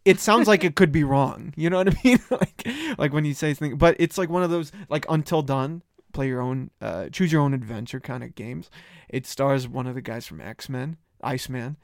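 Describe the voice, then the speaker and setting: A man co-hosting a podcast, telling stories in an animated way, laughing often and acting out what people said. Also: mid-range voice, normal speed, dry recording, studio quality. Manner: animated storytelling, laughs often, acts out quotes. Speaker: podcast co-host. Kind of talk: casual chat.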